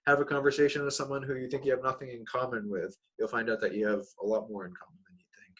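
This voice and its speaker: A man's voice: medium pitch, flat delivery, fast, fairly bright tone, slightly rough. A young man hosting a casual podcast chat, rambling with many fillers and restarts. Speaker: podcast host.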